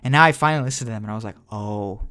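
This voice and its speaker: A man's voice: mid-range voice, racing, sharp tone. A young man co-hosting a podcast, rambling in casual chat with lots of "like" fillers and casual swearing. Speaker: podcast co-host.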